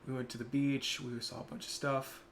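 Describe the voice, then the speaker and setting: A man's voice: mid-range voice, flat delivery, brisk, slight background noise. Reflective young man, casual stream talk. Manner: reflective, soft-spoken when emotional. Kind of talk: casual chat.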